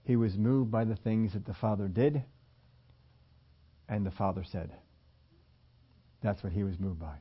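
A man's voice: on the low side, a little slow, pauses often, slightly rough, dull audio. A man preaching a sermon in a conversational way, slipping into the voices of the people he quotes. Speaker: pastor.

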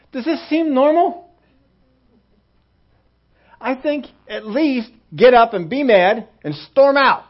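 A male pastor giving a conversational sermon in a folksy, humorous way and acting out scenes. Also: high-pitched. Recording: dull lo-fi sermon recording.

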